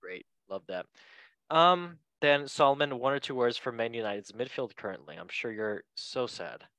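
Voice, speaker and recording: A man's voice: mid-range voice, animated, normal speed, pushed and bright, clean tone, no echo. A man hosting a casual football podcast, joking and asking each guest for a word in turn. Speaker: podcast host. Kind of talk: casual chat.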